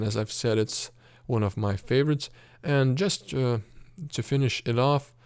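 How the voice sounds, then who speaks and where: A man with a Lithuanian accent teaching a language lesson, explaining grammar patiently with many fillers and throat clearing. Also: on the low side, a little mellow, no echo.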